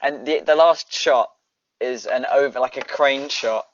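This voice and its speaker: A man's voice: medium pitch, a little slow, a little hiss or hum. A young man co-hosting a casual film review podcast, easygoing and trailing off while searching for names. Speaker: podcast co-host. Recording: dry, dull lo-fi home recording.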